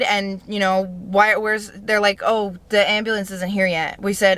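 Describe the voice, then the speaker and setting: A young woman talking to camera in a casual storytime monologue, animated and profane, acting out what people said. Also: mid-range voice, moderate pace, hardly any pauses. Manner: animated, profane, acts out quotes. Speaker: vlogger telling a personal story.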